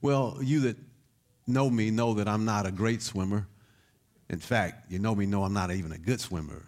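A man preaching a sermon, telling a personal story and building to shouted exhortation. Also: fairly low pitch, normal speed.

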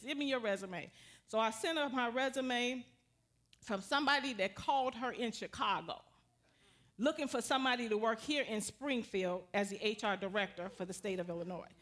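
A woman with a slightly high voice tells a church testimony. Her delivery is animated, and she breaks into joyful, raised exclamations as the story builds. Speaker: testimony speaker.

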